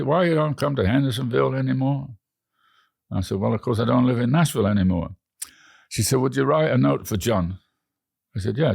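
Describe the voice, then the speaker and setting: A man's voice: on the low side, creaky, no room sound, clean studio sound. An older man with a chatty, storytelling manner, recounting travel anecdotes as an interview guest. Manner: chatty, animated anecdotes with quoted dialogue. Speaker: interview guest, frequent flyer.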